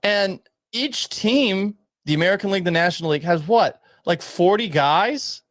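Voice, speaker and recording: At a studio microphone by a mixing board, a man hosts sports talk radio, reading listener texts and offering blunt, sarcastic, opinionated takes while laughing at himself. His voice sits high and sounds animated and a bit bright, at normal speed with no echo.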